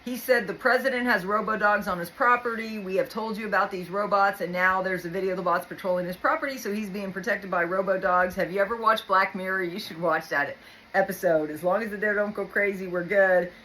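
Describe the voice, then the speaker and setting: A tired woman hosts a casual livestream, chatting as she reads out posts from others. Her voice is bright and carries a forward edge. She rambles and asides freely between the quotes. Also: mid-range voice, fairly quick, slight background noise, poor audio. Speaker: host.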